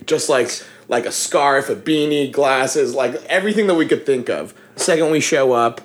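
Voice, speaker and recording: A young man hosting a casual chat, telling an animated story with lots of laughter and swearing. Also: medium pitch, normal speed. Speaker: podcast host.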